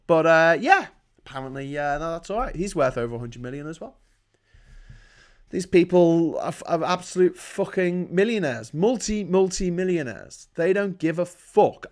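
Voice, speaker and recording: A man ranting angrily and sarcastically about politics on his livestream, swearing often, his voice a little hoarse. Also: a little high. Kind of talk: angry political rant.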